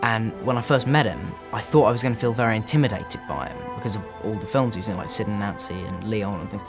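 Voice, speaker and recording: A man's voice: lowish voice, fast, over music. A young man answering interview questions in an easygoing, chatty way. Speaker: actor interviewed.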